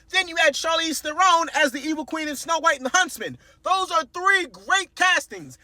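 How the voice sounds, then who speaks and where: A young man ranting in a casual movie review, animated, exasperated and profane, sometimes bursting into shouts. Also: very high-pitched, no echo.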